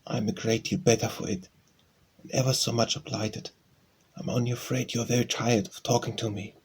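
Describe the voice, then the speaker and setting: A man's voice: lowish voice, moderate pace, darkish tone, a little hiss or hum, natural voice. A man reading an audiobook, voicing a polite, lonely teenage boy who speaks courteously.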